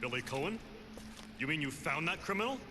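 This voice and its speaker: An actor playing a stern middle-aged male squad captain in a video game, giving brisk orders. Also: on the high side, lively intonation, natural voice. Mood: commanding. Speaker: game character. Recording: game audio with hiss.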